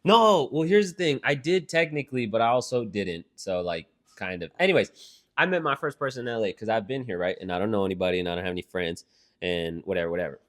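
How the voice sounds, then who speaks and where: A man's voice: fairly low pitch, expressive, fast. A young man co-hosting a podcast, chatting casually and loosely, rambling and swearing now and then. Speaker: podcast co-host. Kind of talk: casual chat.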